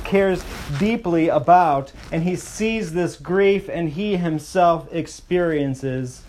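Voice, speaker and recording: A man preaching with a slightly higher-pitched voice. He shifts his pace freely, sometimes rushing ahead and sometimes slowing to a hush to stress a point. His delivery is earnest and expressive. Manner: expressive preaching, slows and softens for emphasis. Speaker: pastor. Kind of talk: sermon.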